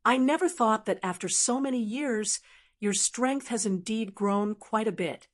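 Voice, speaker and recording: A woman's voice: on the high side, measured pace, lightly acted. Woman voicing a cold, disdainful evil god. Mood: contemptuous. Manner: cold and contemptuous.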